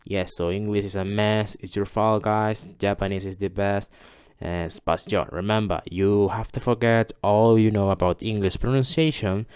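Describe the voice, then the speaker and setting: Guy rambling thru a screen-share tutorial, fixing himself mid sentence, smooth voice, dry close mic. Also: on the low side, steady tone, moderate pace, few pauses, darkish tone, no room sound. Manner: rambling, self-correcting, repeats vowel sounds. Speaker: language learner teaching viewers.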